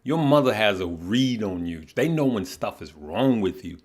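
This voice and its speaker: A middle-aged man with a fairly low voice hosts a casual livestream. He speaks earnestly and haltingly, repeating words as he talks to his viewers. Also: animated. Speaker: livestream host. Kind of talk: casual heartfelt livestream talk.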